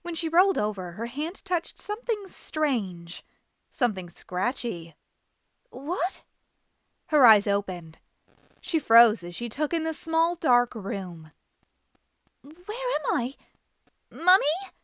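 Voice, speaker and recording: A woman reads a children's story aloud with lively, expressive delivery. Her voice sits a little high and moves a lot. The recording is dry and close. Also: measured pace, no echo. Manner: animated, expressive. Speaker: host and storybook reader.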